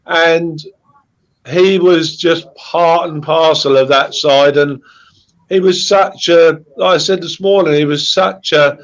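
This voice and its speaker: A man speaking as a guest fan in casual podcast chat, halting and repeating words as he talks from the heart. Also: on the high side, steady tone, muffled recording.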